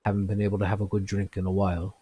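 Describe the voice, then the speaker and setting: A man's voice: low-pitched, completely flat delivery, very fast, warm tone, a little hiss or hum, close to an everyday voice. A man voicing a friendly red-skinned male genasi blacksmith who greets customers politely at his shop counter. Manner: welcoming, polite shopkeeper.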